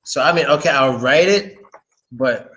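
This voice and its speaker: A man's voice: mid-range voice, a bit bright. Casual man teaching pronunciation. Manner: informal, repeats words slowly, casual swearing. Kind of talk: casual live-stream lesson.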